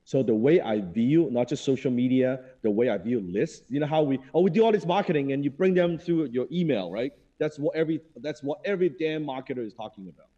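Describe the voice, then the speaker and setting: A man's voice: medium pitch, lively intonation, a little fast, few pauses, mellow, lo-fi sound. A man speaking as a guest in an interview, blunt and emphatic, driving his points home by repeating them. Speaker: guest entrepreneur. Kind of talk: conversational interview.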